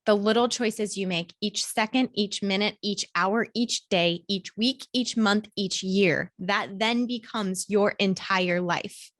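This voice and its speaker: A woman's voice: mid-range voice, takes it slowly, hardly any pauses, fairly bright tone, no room sound, clean studio sound. A woman in her thirties hosting a solo podcast, talking in an emphatic, motivational way with some swearing, recorded in a hotel room. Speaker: podcast host.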